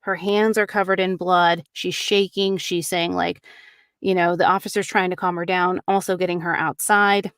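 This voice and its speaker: A woman hosting a true crime podcast, retelling a case casually with many fillers and quick acted-out quotes. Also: fairly low pitch, little pitch movement, a bit bright, clear, resonant tone, dry recording, studio quality.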